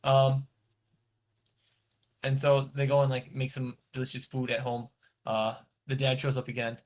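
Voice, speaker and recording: A man co-hosting a podcast walks through an episode in a loose, rambling way. His voice sits at an ordinary pitch, and he slips into little acted-out character lines and the odd swear word. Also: completely flat delivery, measured pace. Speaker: podcast co-host. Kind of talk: casual recap chat.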